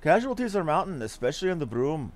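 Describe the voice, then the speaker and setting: A man's voice: fairly high pitch, big pitch swings, fast talker. A man voicing a grim male commander in a game, reading the stern, formal lines aloud. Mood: urgent. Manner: stern, formal, old-fashioned phrasing.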